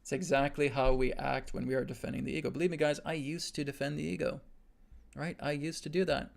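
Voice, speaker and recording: A man's voice: on the high side, steady tone, fairly quick, vocal fry. A male host giving a spiritual teaching on a live stream, earnest and repetitive, checking in with a frequent "right?".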